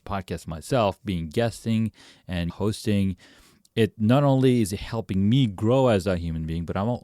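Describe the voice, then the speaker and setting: A deep-voiced man hosting a podcast conversation, restating his guest's points and affirming them. His tone is dark and mellow, and the recording sounds dry and close with little room sound. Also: dry recording. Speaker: podcast host. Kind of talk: conversational interview.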